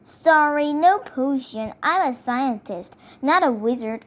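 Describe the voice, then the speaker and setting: A woman voicing a first-grade boy scientist who calmly coaches his friend. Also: sits high, takes it slowly. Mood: coaching.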